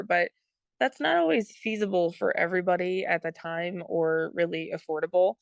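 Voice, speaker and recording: A woman product consultant appears as a guest on a podcast, speaking earnestly in casual interview talk and explaining at length with ums filling her pauses. Her low voice is slightly gravelly yet smooth and clear, recorded dry and close with no echo.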